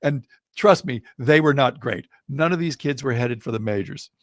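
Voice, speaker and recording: A middle-aged man, a guest in a casual interview, telling an anecdote in an animated way and building suspense. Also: medium pitch, moderate pace, no room sound, clean studio sound. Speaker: guest storyteller.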